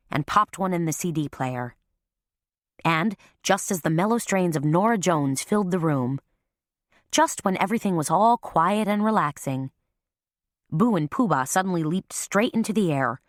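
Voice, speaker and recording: A woman narrating a mystery audiobook in an even, storytelling way on a close studio mic. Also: on the low side, dry recording. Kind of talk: scripted narration.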